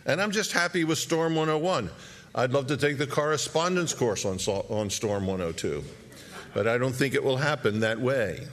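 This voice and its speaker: A middle-aged male pastor teaching a Bible chapter, reading the verses slowly and then breaking in with quick, joking asides. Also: medium pitch, fairly bright tone.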